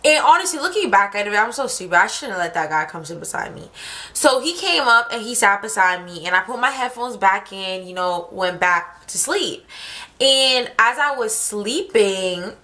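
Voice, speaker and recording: A young woman telling a story on her vlog in a lively, slangy, fast-talking way. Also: mid-range voice. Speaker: vlogger.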